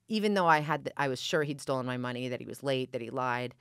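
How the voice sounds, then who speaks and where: A woman in her forties recounts a story at a quick clip, lively and theatrical, slipping into the voices of the people she quotes. Her voice is dry and close, with no room sound around it. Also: rumbling low, clear, resonant tone, no room sound. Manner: animated, acts out quoted dialogue. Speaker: guest, actress. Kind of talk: casual interview storytelling.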